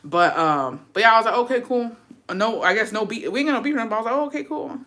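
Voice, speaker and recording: A woman's voice: mid-range voice, animated, racing, pushed and bright. Chatty, profane young woman vlogger. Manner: chatty, profane, slangy, mixing in Spanish words. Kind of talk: casual chat to camera.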